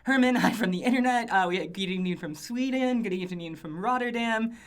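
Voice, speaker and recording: A woman's voice: mid-range voice, brisk. A woman hosting a casual live stream from a small office studio, reading out viewer greetings in an upbeat, rambling way with lots of fillers. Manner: chatty and upbeat, rambling asides with frequent fillers. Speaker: livestream host.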